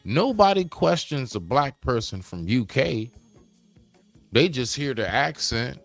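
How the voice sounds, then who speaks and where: A man's voice: medium pitch, sing-song, a little slow, vocal fry, a bit bright, no echo, soft background music. A man from the United States hosting a livestream, talking straight to his viewers and chat in a casual, preachy monologue. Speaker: livestream host.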